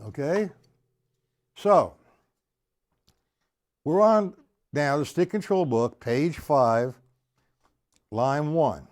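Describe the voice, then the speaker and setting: A man's voice: mid-range voice, big pitch swings, slow pace, long pauses, over loud music. A man teaching drums on a live stream, chatting casually and counting beats aloud. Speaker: drum teacher. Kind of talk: live-streamed drum lesson.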